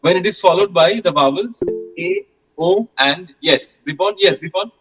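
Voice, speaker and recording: A man's voice: sits high, expressive, moderate pace, a bit bright, faint music behind, rough recording. Patient man teaching French. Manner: patient, repeats questions and sounds, many hesitations. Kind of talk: online classroom teaching.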